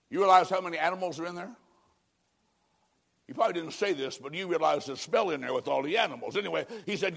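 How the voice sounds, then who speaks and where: A male preacher delivering an evangelistic sermon, swinging between loud emphatic lines and hushed, near-whispered endings. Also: a little high, animated, moderate pace, gravelly, pauses often.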